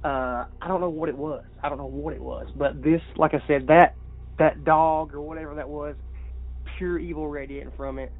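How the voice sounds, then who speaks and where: A male caller telling a personal story over the phone, halting and repeating himself as he goes. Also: mid-range voice. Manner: halting, repeats words, restarts often. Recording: tinny phone line.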